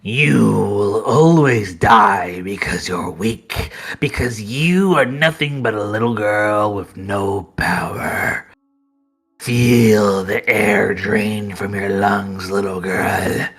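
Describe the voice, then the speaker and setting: A man's voice: fairly low pitch, fairly bright tone, breathy edge, full character voice. A man doing a bony five-faced creature. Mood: taunting menace. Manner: slow and taunting, then wailing in fake pain. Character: skinny bony male creature with five faces, menacing then whiny.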